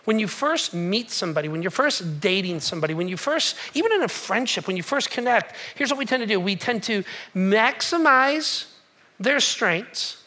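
Pastor guy preaching, bright clear voice, repeats stuff for emphasis. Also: high-pitched, very animated. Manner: preaching with repetition and emphatic pauses. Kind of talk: sermon.

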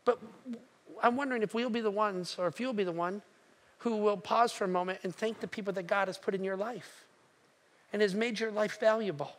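Speaking a little fast in a high-pitched voice, a male pastor retells a story during his sermon, acting out the voices with animation and questioning the congregation directly.

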